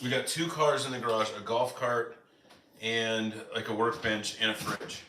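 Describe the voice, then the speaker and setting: A man's voice: medium pitch, moderate pace, sharp tone, roomy sound, slight background noise. A man hosting a casual live stream from the United States, chatting with viewers and answering their comments, with lots of "like" fillers. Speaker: live-stream cooking host.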